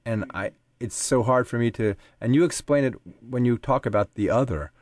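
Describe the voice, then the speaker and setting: A man's voice: medium pitch, normal speed, a little mellow, no echo, clean studio sound. An American man hosting an interview who speaks thoughtfully and fluently as he reflects. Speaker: interview host. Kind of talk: interview conversation.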